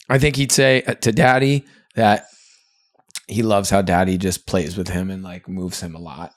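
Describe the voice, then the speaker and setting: A man's voice: low-pitched, no room sound, clean studio sound. A man co-hosting a podcast, talking in an earnest, reflective and chatty way with lots of fillers. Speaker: podcast co-host. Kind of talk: candid podcast conversation.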